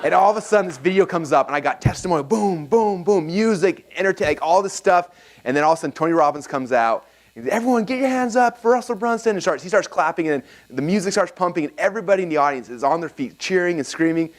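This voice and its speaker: Fast-talking man teaching a seminar. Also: fairly high pitch. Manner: energetic storytelling with many fillers and restarts. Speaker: marketing seminar speaker. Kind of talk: live teaching talk with stories. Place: seminar room with a live audience.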